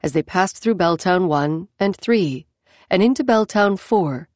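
A woman narrating an audiobook in a measured, even storytelling manner. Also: fairly low pitch, no echo. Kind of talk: scripted narration.

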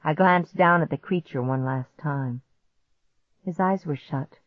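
Slow, low-voiced woman storyteller. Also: dry recording. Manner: measured, vivid first-person storytelling. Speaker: audiobook narrator. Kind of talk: storybook narration. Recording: dull muffled audiobook recording.

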